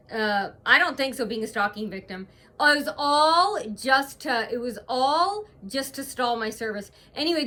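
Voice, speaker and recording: A woman's voice: a little high, pushed and bright. A woman vlogging at home, rambling through an aggrieved retelling full of hesitations. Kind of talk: casual to-camera vlog monologue.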